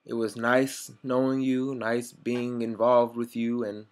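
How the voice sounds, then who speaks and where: A man's voice: mid-range voice, level tone, slow pace. Sarcastic young man ranting to camera. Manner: sarcastic, rambling, swears freely. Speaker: vlogger. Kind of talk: casual storytelling monologue.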